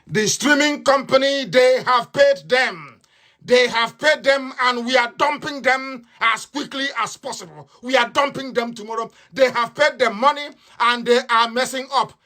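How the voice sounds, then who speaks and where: A man's voice: extremely high pitch, fairly even intonation, moderate pace, hardly any pauses, sharp tone. Fiery man broadcasting. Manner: impassioned, repetitive, mocking. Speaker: radio broadcaster. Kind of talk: live radio broadcast monologue.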